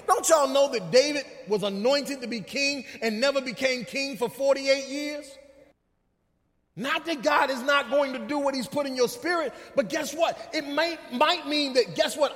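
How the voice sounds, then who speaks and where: A man with a very high voice preaches in a church sanctuary, and a long reverb trails after his words. He moves between relaxed, folksy asides and shouted preaching. This is a guest pastor delivering a sermon. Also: normal speed.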